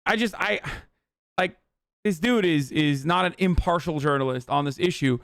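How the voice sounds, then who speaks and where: A man's voice: fairly high pitch, moderate pace, fairly bright tone, clean tone, no room sound. A man streaming casual, profane commentary on an interview, blunt and heated, with many fillers.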